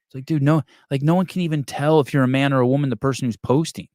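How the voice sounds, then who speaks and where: A man's voice: medium pitch, steady tone, fast talker, few pauses, a little mellow, dry recording, studio quality. A man hosting a podcast in casual chat, reading live comments and ranting in a rambling, profane way with many restarts. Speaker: podcast host.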